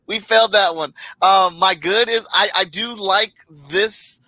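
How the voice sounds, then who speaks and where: A man co-hosting a casual trailer-review show, talking in an excitable, animated way and reading viewer comments aloud. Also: high voice, a little slow, dry recording, rough recording. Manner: excitable, animated, exclaims and reads chat aloud. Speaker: podcast co-host reviewing trailers. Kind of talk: casual chat.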